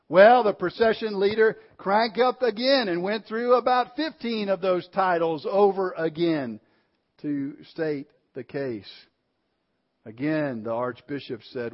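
A man preaching, telling a story in a measured way with repeated words, then leading a closing prayer. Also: a little high. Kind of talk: sermon illustration and closing prayer. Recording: dull lo-fi recording.

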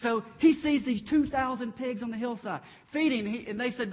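A man preaching a lively sermon, acting out the voices in the Bible stories as he retells them. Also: very high-pitched, brisk. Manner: animated storytelling, acts out Bible voices. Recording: dull reverberant hall.

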